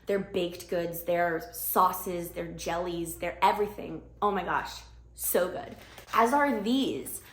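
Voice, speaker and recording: A bubbly young woman chatting to camera at home, her voice sitting a little low for a woman. The room around her rings with a noticeable echo, and she talks with eager, chatty warmth. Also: level tone, slow. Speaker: vlogger. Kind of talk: casual chat to camera. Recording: echoey room.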